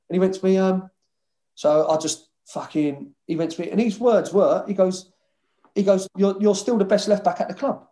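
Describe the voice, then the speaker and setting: A man's voice: high voice, normal speed. A man, a former footballer telling stories in a casual interview, swearing and acting out conversations. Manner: swearing, animated retelling with quoted dialogue.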